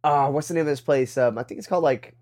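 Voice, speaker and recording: A man's voice: medium pitch, fast. Casual man telling a travel story. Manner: rambling, laughs loudly at punchlines. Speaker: podcast co-host.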